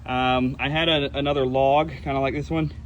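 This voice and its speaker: A man filming a casual outdoor vlog as a reptile keeper, chatting in a relaxed way and talking fondly to his tortoises. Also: mid-range voice, moderate pace, highs cut off, slight background noise. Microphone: camera set on ground.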